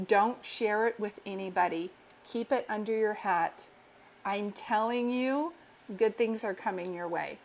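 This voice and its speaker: Speaking a little slowly in a mid-range voice, a psychic medium offers a warm, comforting reading on a live stream over slight background noise. She earnestly repeats affirmations and addresses listeners as sweetheart.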